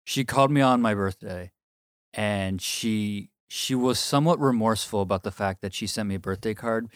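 A man's voice: on the low side, moderate pace, no room sound, clean studio sound. A man co-hosting a podcast in a playful way, joking and poking fun at himself. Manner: playful, joking, self-mocking. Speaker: podcast co-host, priest. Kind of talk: casual chat.

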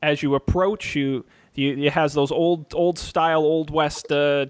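A young man narrating as game master, halting and filling pauses as he describes the scene. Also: fairly high pitch, steady tone, clear, resonant tone, no echo. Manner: halting, full of fillers and restarts.

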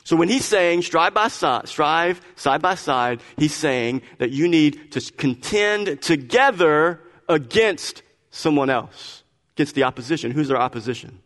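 Male pastor, sermon delivery, emphatic and repetitive, slightly high voice, reverberant church hall. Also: expressive, unhurried, fairly bright tone. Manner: emphatic, repeats phrases, stammers on restarts. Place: church sanctuary.

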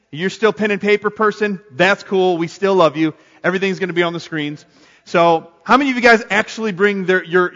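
A man preaching a sermon to a congregation, energetic and calling on them to answer back. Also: sits high, highs cut off. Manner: energetic, calls on the congregation to respond. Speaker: pastor. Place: church sanctuary. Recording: long hall reverb. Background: congregation responding.

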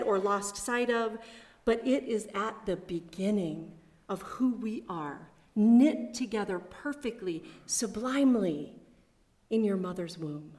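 A woman preaching a sermon at a chapel, measured and reflective, with personal asides. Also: medium pitch, a little mellow.

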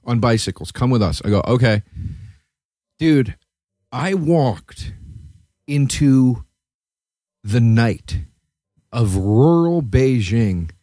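A man's voice: slow pace, pauses often, dry recording. Profane storytelling man, dry studio mic. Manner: profane, animated storyteller, swings into high excited pitch. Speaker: podcast host. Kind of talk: casual chat, storytelling.

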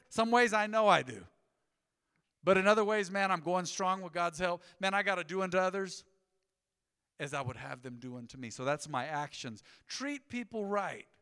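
A man preaching a sermon as pastor, energetic and conversational, with casual asides. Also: sits high, clean tone, long reverb tail. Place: church sanctuary.

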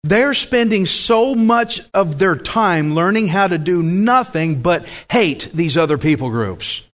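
A man's voice: high-pitched, animated, unhurried, a bit bright. A man preaching a sermon with emphatic delivery, putting questions to the congregation.

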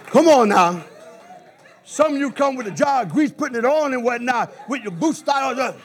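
A man preaching a sermon in an animated call-and-response style, with bursts of shouting. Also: very high-pitched, normal speed, breathy edge.

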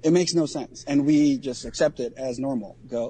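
A man co-hosting a podcast, talking casually in a halting way with many ums and restarts. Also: mid-range voice, warm tone, breathy edge. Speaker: podcast co-host.

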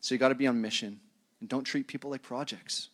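Speaking quickly in a mid-range, fairly bright voice with fairly even intonation, a pastor delivers a relaxed sermon. He addresses the congregation like friends and laughs self-deprecatingly at his own digressions.

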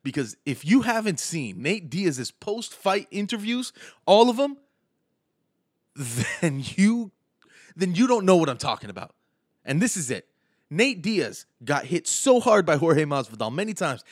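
Male comedian-host, young adult, slight lisp, mocking riffing delivery, lively pitch, dry close sound. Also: measured pace, no room sound. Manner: animated, sarcastic and mocking. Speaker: podcast host and stand-up comedian. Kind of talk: comedic sports rant.

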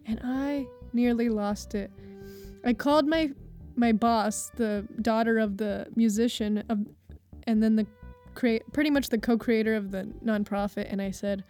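Young woman, higher voice, lively storyteller, light music under the voice. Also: unhurried. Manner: animated, acts out quoted voices, laughs through the telling. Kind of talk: casual personal storytelling.

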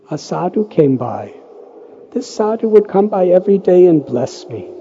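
A man from the United States, a monk, telling a personal story in a lecture, gentle and unhurried, rising to emotional raised voices when he quotes others. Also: fairly high pitch, creaky. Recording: dull, lo-fi lecture recording with faint noise.

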